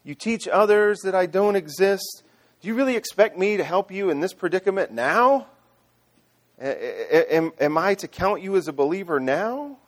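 A man voicing God speaking from the sky, stern and measured as he questions the listener. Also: high voice, lively intonation, voice pushed up.

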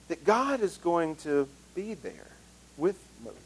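Earnest, high-voiced male pastor. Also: expressive, unhurried, husky, rough recording. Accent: Southern US. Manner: earnest, conversational, self-deprecating humor. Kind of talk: sermon.

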